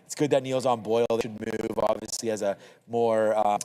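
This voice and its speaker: A man's voice: fairly low pitch, steady tone, normal speed, warm tone, clear, resonant tone, in a large hall, low-quality recording. A man hosting a live trading show, talking through charts in a casual, rambling way with lots of fillers. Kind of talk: live market commentary chat.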